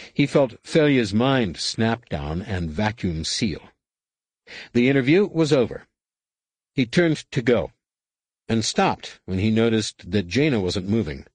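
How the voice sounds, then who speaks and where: Male audiobook narrator, low, steady and even, dry close studio sound. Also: no room sound. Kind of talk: scripted narration.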